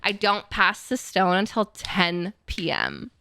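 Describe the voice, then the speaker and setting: Bright-voiced young woman telling a story. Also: mid-range voice, slow pace, smooth. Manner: profane, with frequent "like" fillers; animated, acts out quotes in the story. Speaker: podcast host. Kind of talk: casual chat, storytelling. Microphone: podcast mic.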